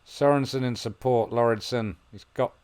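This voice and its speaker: A man commentating on his football management game, musing quietly and then breaking into excited play-by-play. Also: medium pitch, normal speed, smooth. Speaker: gaming video host. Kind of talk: gameplay commentary.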